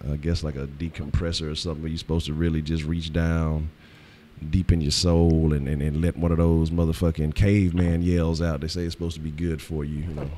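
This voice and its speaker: Hoarse deep-voiced man. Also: warm tone, a little hiss or hum. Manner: loose, profane, stammering restarts. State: hoarse, lost his voice. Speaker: host. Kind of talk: casual live-stream sports talk.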